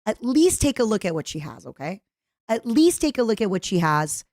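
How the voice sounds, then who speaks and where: A woman's voice: medium pitch, very animated, fairly quick, a little mellow, no room sound, clean studio sound. A woman streamer chatting casually as she reacts to a video, rambling and plugging merch.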